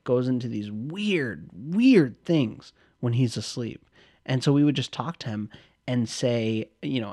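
A man's voice: mid-range voice, a little mellow. A man from the Midwest co-hosting a podcast, rambling casually with lots of fillers and laughs. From Midwest US, Milwaukee. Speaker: podcast co-host.

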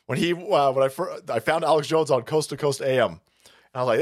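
A man hosting a livestream, ranting about politics in a profane, animated way with frequent laughter. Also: a little high, fast. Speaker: livestream host.

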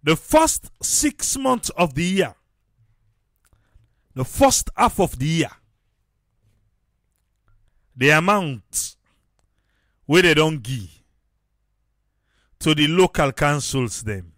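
A man speaking with a Sierra Leonean Krio accent delivers political commentary in a lively, swinging voice that rises higher than most. He talks slowly and repeats phrases for emphasis. The sound is close and dry, with no room echo. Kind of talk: casual commentary to camera.

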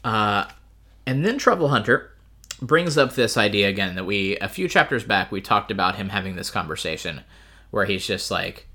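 Man, podcast co-host; lowish bright voice, wry and rambling. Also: expressive, normal speed. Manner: wry, rambling, frequent fillers. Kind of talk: casual book discussion.

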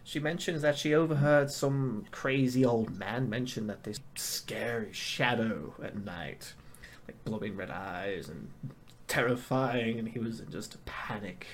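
A man's voice: on the low side, measured pace, a little hiss or hum. A man narrating as game master in a casual, hesitant way with many fillers.

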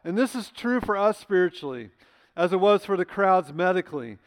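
A man's voice: high-pitched, lively intonation, brisk. A man pastor preaching a sermon in a church, emphatic and conversational, asking his listeners rhetorical questions. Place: church sanctuary. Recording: long church hall reverb.

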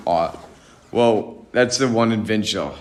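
Teen Aussie boy co-host, casual rambly podcast chat, lowish voice. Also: unhurried. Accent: Australian. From Australia. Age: teens. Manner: rambling, restarts, laughs at own stories.

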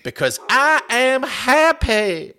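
A man putting on the voice of a gloating male pro football kicker, in a high, boastful southern drawl. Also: very animated, takes it slowly, pushed and bright, clean tone, exaggerated voice. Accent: put-on southern drawl.

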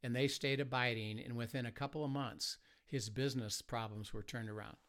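A man who leads a marriage ministry, telling a story in an interview, softly and with many pauses and fillers. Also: medium pitch, steady tone. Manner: soft-spoken, many fillers, acts out quotes.

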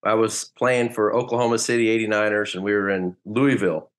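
A middle-aged man tells stories as an interview guest, relaxed and anecdotal, acting out the quotes he recalls. His voice sits somewhat low. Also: fairly quick. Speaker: guest, former pro baseball player. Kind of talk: casual interview storytelling.

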